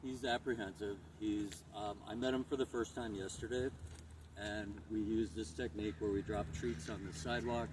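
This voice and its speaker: A dog trainer with a lowish voice casually explains his methods to a dog owner on the spot, using plenty of fillers, outdoors on an empty lot. A camera a few steps away picks him up, with loud background noise.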